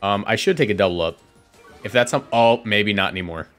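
A man giving casual, chatty commentary on his own competitive matches from a home streaming setup, often correcting himself and reacting out loud. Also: lowish voice, expressive, a little fast, soft background music.

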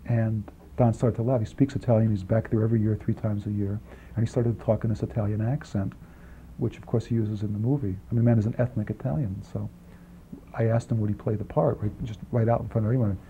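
A man being interviewed about his film work, talking quickly in long rambling answers with many restarts and asides, on an old archival tape. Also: on the low side, fairly even intonation, mellow. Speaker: film writer and director, interview guest. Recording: dull archival 1980s interview tape, faint hiss.

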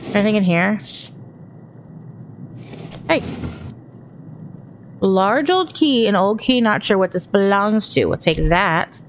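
A woman talks her way through a horror game, musing out loud, reading items off the screen and jumping at every sound. Her voice sits in an ordinary middle range. A steady hum of background noise runs clearly under the recording. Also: medium pitch, slow, pauses often. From Texas. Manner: chatty, thinks aloud, jumpy and easily startled. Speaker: gaming streamer. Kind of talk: horror game let's-play commentary.

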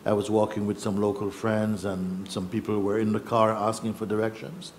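A man telling a personal story in a reflective, halting way, acting out what others said. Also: lowish voice, little pitch movement, a little hiss or hum. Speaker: spiritual teacher.

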